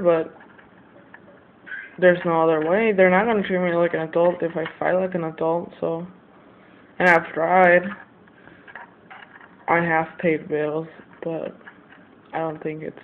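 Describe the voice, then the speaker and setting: A high-pitched young man in his late teens rambles and vents in a casual confessional vlog. The audio is tinny and narrow, like a cheap built-in mic, with a faint hiss underneath. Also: little pitch movement, measured pace, gravelly, pauses often. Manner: rambling, venting, frustrated. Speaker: vlogger.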